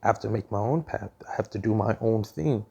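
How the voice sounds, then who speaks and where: A cold, edgy teenage hero with a dark power speaks in clipped, threatening lines, put on by a man telling the story. The voice is gravelly and low-toned, and he delivers the threats flatly. It is a casual fan retelling, not a studio take. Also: fairly quick. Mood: menacing.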